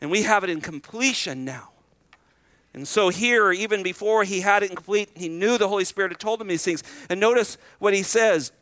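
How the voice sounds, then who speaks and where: A man's voice: high voice, moderate pace, a bit bright, no echo. A man preaching a sermon as pastor, talking in a conversational way, asking the congregation questions and often repeating words as he starts a sentence.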